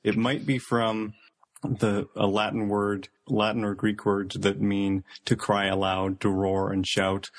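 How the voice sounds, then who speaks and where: Low-voiced man sharing trivia hesitantly. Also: monotone, a little slow. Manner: hesitant, filler-heavy trivia telling. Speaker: podcast co-host. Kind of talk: casual chat.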